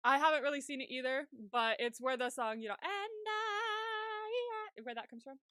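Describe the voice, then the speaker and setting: A woman co-hosts a podcast recap in loose, chatty talk. Her voice sits a little high, and the sound is close and dry with no room around it. She acts out quoted lines from the episode as she goes. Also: fast, clear, resonant tone, dry recording. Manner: animated retelling with quoted character voices and frequent laughs. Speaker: podcast co-host. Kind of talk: casual TV recap chat.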